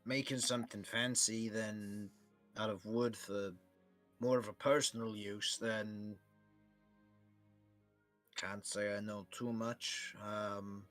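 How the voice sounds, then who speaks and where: A man narrating a tabletop game as game master, describing scenes in a relaxed, halting way. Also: on the low side, faint music behind.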